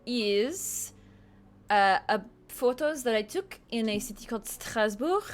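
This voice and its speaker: A woman's voice: a little high, expressive, a little slow. A woman chatting as a guest, bubbly and eager, tossing in foreign phrases. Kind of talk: casual video-call chat.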